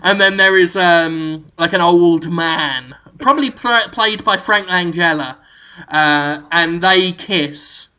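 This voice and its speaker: Bright-voiced giggly male podcast host. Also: high voice, slow pace, clear, resonant tone, rough recording. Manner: giggly, absurd storytelling with sudden shouted bits. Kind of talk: comedic podcast riffing.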